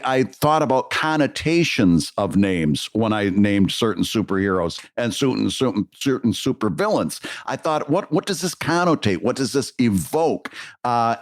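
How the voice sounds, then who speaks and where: A man's voice: medium pitch, dry recording, studio quality. A man co-hosting a casual podcast, explaining comic lettering with frequent stammered restarts. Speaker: podcast co-host, comic creator.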